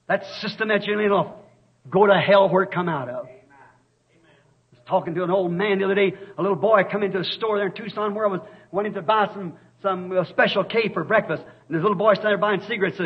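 A man preaching an impassioned revival sermon, swinging from storytelling asides to shouted warnings. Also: high voice, fast, husky. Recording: dull lo-fi old sermon tape.

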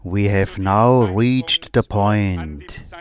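Slow, low-voiced man preaching. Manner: slow, measured preaching in short phrases. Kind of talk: sermon.

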